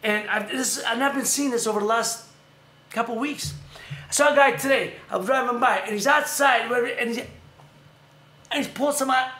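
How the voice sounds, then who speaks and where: Animated male livestream host, bright, ranting, roomy sound. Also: very high-pitched, normal speed. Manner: animated, ranting, laughs and shouts at times. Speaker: show host. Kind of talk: casual livestream rant and chat.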